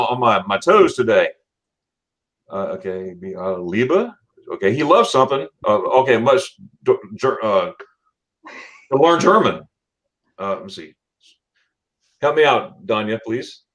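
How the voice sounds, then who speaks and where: A man's voice: mid-range voice, big pitch swings, moderate pace, pauses often, fairly bright tone, low-quality recording. A man hosting a casual live-stream chat, stammering over his words, repeating himself and laughing often. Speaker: channel host.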